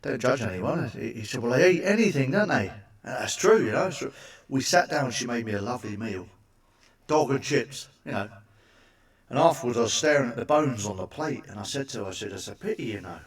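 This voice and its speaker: A man's voice: medium pitch, expressive, fairly quick, distant mic. A man doing crude stand-up one-liners, swearing a lot and asking the listener for agreement. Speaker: stand-up comedian.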